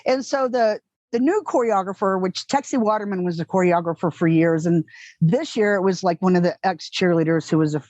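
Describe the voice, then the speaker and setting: A middle-aged woman with a Texan accent telling candid, animated stories in an interview, swearing freely and acting out the people in them. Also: lowish voice, brisk, dry recording, highs cut off. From Texas. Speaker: actress guest. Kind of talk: casual interview storytelling.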